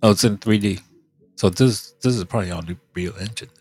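A podcast host, a man with a congested, hoarse voice, rambling in casual chat, halting and trailing off as he thinks aloud. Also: on the low side, darkish tone.

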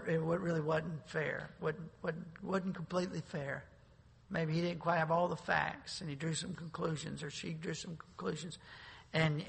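A man preaches in a long-reverb hall, his voice gravelly and husky yet bright and sharp. He is an emphatic pastor who jokes with the congregation and often stumbles over repeated words before pushing on. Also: high-pitched. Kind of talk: sermon.

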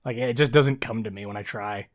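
Talking a little fast in a mid-range voice, a Southern Ontario podcast co-host from the Toronto area rambles through casual conversation. There's a Southern Ontario Canadian accent, a lot of cursing, repeated laughter, and many restarts.

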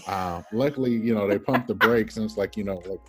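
A man in his thirties, a podcast guest telling an animated personal story and acting out the people in it. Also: lowish voice, brisk, hardly any pauses, faint music behind. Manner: animated storyteller, acts out quoted voices, laughs often.

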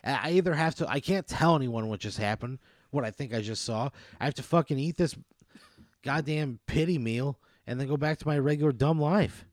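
A man's voice: mid-range voice, a little fast, no room sound, studio quality. A man bantering in a comedy podcast, exasperated and cursing often. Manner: exasperated, profane outbursts. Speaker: podcast co-host answering a hypothetical.

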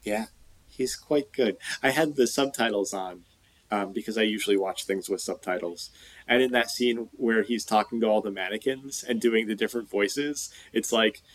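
A man co-hosting a casual movie chat, talking in halting phrases with lots of fillers. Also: fairly low pitch, dry recording, poor audio. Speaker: podcast co-host.

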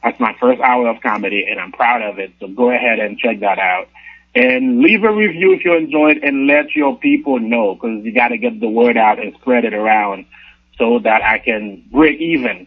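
Comedian guy calling in, husky voice, tinny phone line. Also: medium pitch, normal speed. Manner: relaxed, plugging his special. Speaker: stand-up comedian guest. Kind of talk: casual phone interview. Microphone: phone call.

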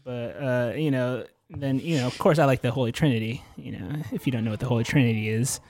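A man's voice: medium pitch, fairly even intonation, fast, darkish tone, no room sound. A man co-hosting a casual podcast, laughing often and bantering crudely. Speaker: podcast co-host.

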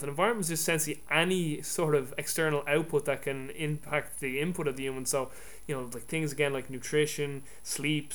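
A man's voice: on the high side, a bit bright, clean tone. A man hosting an interview, asking questions and responding in an eager, casual way. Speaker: podcast host.

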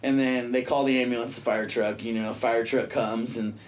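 A man's voice: medium pitch, steady tone, normal speed. A man casually telling a long, profane story, peppering it with "dude" and "you know what I mean".

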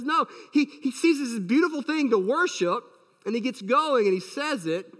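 A man's voice: extremely high pitch, expressive, moderate pace, a bit bright, long reverb tail. A man preaching a sermon as a pastor, emphatic and full of rhetorical questions.

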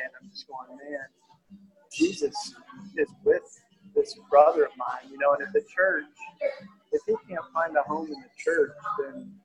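A man from East Tennessee, a guest in an interview, talking earnestly and haltingly with many restarts. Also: on the high side, breathy edge, poor audio. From East Tennessee, USA. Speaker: guest author. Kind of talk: casual conversational interview.

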